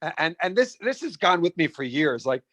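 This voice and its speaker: A middle-aged man tells his stories in a casual interview, with a slightly raised pitch. He talks with animation, restarting and repeating words as he goes. The recording is dry and close, with no room sound. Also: big pitch swings, a little fast, a bit bright, no echo. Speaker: restaurant founder and guest.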